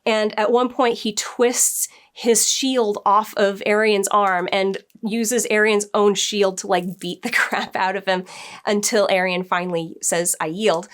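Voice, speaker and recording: A woman's voice: medium pitch, steady tone, unhurried. A woman who works as a book editor, chatting casually through a TV episode review and acting out the characters' lines as she goes.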